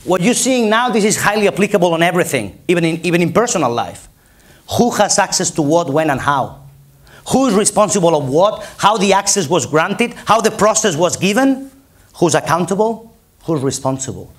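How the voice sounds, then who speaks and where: Spanish-accented male keynote speaker, higher voice, emphatic and repetitive. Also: animated, a little fast. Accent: Spanish, from Barcelona. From Spain. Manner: emphatic, repetitive, rallying the audience. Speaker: conference speaker. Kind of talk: conference keynote presentation. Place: conference hall.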